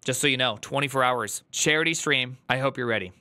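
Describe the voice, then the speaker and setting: A man's voice: medium pitch, a little fast, pushed and bright. A male streamer telling an emotional, earnest story to his chat, holding back tears. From United States. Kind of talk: casual livestream chat.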